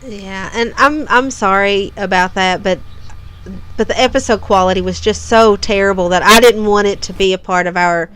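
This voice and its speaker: A woman co-hosting a podcast, chatting casually and rambling as she goes, often restarting her sentences. Her voice is smooth and clear, sitting in a middle pitch. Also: normal speed, a bit bright. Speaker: podcast co-host. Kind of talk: casual chat.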